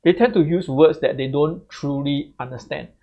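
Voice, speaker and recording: Slightly muffled, lo-fi audio captures a man tutoring English in an exam tips lesson to camera. His voice runs on the high side at normal speed, and he chats casually, tagging sentences with "right?"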